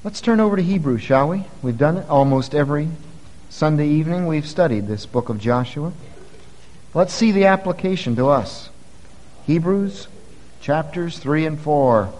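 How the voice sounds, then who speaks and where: Male pastor, slightly high voice, earnest sermon with forceful peaks, church reverb. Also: lively intonation, normal speed. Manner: earnest preaching, rising to forceful emphasis. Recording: long reverb of a church hall.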